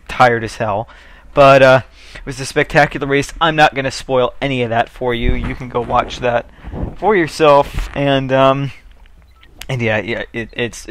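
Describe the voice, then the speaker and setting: A man's voice: medium pitch, fairly bright tone, dry recording. A young man giving casual, rambling commentary over a racing video game, joking and swearing as he goes. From United States.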